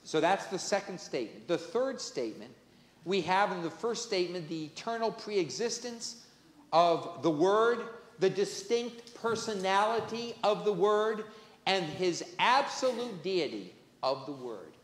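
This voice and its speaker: A man's voice: high voice, lively intonation, a little slow. A male pastor preaching a sermon, stressing key phrases by repeating them. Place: church sanctuary. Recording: echoey church with long reverb.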